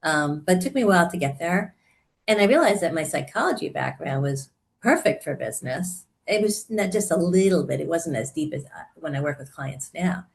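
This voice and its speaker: A woman in her sixties, a therapist and coach, chatting as a guest and telling her story with animated warmth and frequent laughter. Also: deep voice, brisk, vocal fry. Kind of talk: casual conversational interview.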